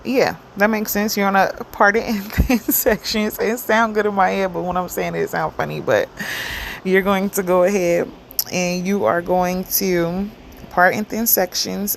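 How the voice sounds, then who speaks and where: A woman giving a casual hair tutorial, explaining each step in a chatty, relaxed way with plenty of fillers. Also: lowish voice, normal speed, creaky, a little hiss or hum. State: cold and yawning. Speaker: hair stylist demonstrating a wig.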